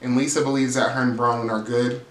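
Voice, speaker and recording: A man's voice: mid-range voice, level tone, quick pace, echoey room, low-quality recording. A man giving a casual, gossipy, profane recap of a reality TV episode, sassy and chatty as he talks straight to his viewers. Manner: sassy, profane, chatty, calls people "girl".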